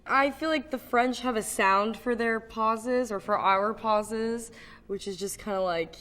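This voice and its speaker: A woman's voice: a little high, unhurried, a bit bright, big-room sound. A woman casually explaining how to do a French accent in a chatty way, with frequent "like" fillers. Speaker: actor doing a surprise accent showcase.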